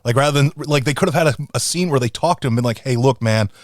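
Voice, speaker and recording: A man's voice: medium pitch, very fast, dry recording, studio quality. A man co-hosting a casual podcast, talking in a loose, rambling way. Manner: rambling, many fillers and restarts. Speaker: podcast co-host.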